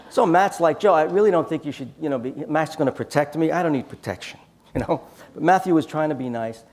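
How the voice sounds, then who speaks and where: A man's voice: on the high side, quick pace, a little mellow, slight background noise. A man giving a storytelling talk at a church conference, acting out quoted dialogue in his anecdotes. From United States.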